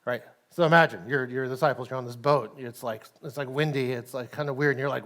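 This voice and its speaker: A man's voice: mid-range voice, fairly even intonation, fast talker, fairly bright tone. A man with a Texan accent preaching a casual sermon at a church service, chatty, laughing often and checking in with "right?". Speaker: pastor.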